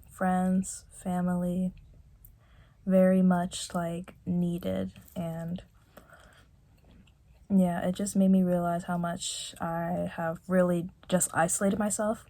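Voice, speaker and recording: A young woman vlogging reflectively from her bedroom, talking softly and haltingly with many fillers and restarts. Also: fairly low pitch. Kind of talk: reflective personal vlog.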